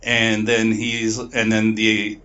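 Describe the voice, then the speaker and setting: A man's voice: lowish voice, completely flat delivery, pushed and bright, far from the mic, lo-fi sound, a little hiss or hum. Rambling, profane man recapping a plot. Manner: profane, rambling retelling with quick put-on voices. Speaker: podcast co-host.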